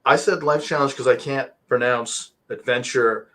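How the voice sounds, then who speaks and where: A man's voice: medium pitch, normal speed, a bit bright. A man hosting an online talk show, English not his first language, rambling and joking at his own expense. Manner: joking, rambling, self-deprecating. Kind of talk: casual interview chat. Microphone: video call.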